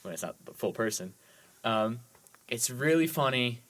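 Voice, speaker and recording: A man's voice: mid-range voice, animated, moderate pace, a bit bright. A man co-hosting a movie podcast, chatting casually and eagerly with lots of "like"s as he recaps films. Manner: enthusiastic, rambling with many "like"s. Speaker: podcast co-host.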